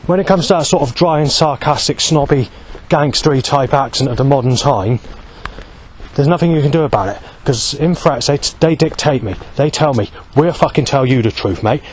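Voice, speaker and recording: Under a bridge beside a road, a man in his 40s vlogs to camera in a rambling monologue, agitated and aggrieved, repeatedly looping back and starting over. His pitch is fairly high and his pace a little fast. Passing traffic is audible, and the audio is poor.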